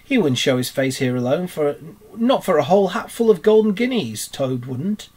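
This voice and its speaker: A man voicing a brave, good-natured male water rat in a storybook read-aloud, with a brisk, reassuring manner. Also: a little high, very animated, darkish tone, slightly rough. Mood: scoffing.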